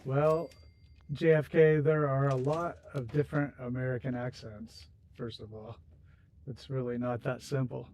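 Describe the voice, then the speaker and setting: A man's voice: mid-range voice, flat delivery, a little slow, darkish tone, a little hiss or hum. A man hosting a game livestream, chatting casually and rambling with viewers while he builds, laughing easily. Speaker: livestream host.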